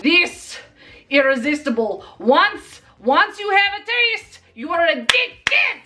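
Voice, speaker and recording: A chatty woman talks through a casual makeup tutorial, rambling with plenty of fillers and playful theatrical flourishes. Her voice sits high and swings widely up and down as she hypes up the viewer. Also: very animated, slow, sharp tone, a little hiss or hum. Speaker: makeup vlogger.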